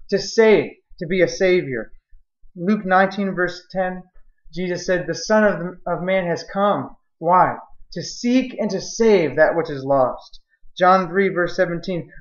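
A man preaching a sermon, quoting scripture and building to earnest, emphatic passages. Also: on the high side. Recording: roomy, slightly dull recording.

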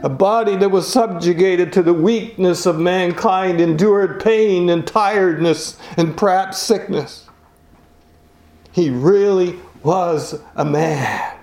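A man's voice: high voice, slow pace, a little mellow, echoey room. A man preaching a sermon, earnest and emphatic, often repeating key phrases for weight.

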